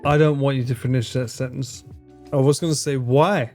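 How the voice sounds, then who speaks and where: A man's voice: mid-range voice, level tone, brisk, darkish tone, faint music behind. A young man livestreaming, casually bantering with his chat in a playful, sweary, teasing way. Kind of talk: casual chat with live stream viewers.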